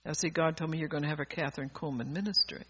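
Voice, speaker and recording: A high-pitched, bright-toned man preaching with fervor, drifting between quiet asides and loud exhortations. The recording is dull and lo-fi. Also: fairly even intonation, rapid-fire, breathy edge. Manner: fervent, swings from soft asides to loud exhortation; rambling, with restarts and laughter. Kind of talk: sermon.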